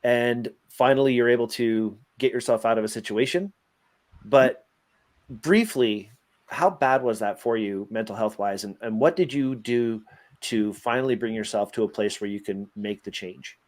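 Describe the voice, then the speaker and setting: A man's voice: mid-range voice, normal speed. A man co-hosting a casual podcast interview, asking questions in a friendly way. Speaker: podcast co-host.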